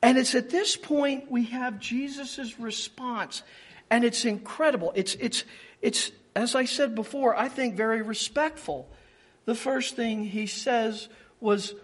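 A man preaching a sermon in a lively, animated way, often acting out quoted speech and restarting words as he thinks aloud. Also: very high-pitched, unhurried. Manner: animated, acts out quoted speech in changed voices.

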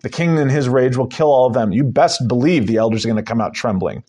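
Male preacher, casual Bible-study sermon delivery, emphatic with wry asides, average pitch. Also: fast, dark tone. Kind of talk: conversational sermon, Bible teaching.

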